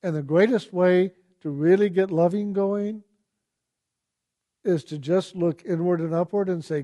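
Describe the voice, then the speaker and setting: Man, high voice, mellow tone, gentle questioning, spiritual teacher. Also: a little slow, lo-fi sound. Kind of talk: reflective spiritual talk.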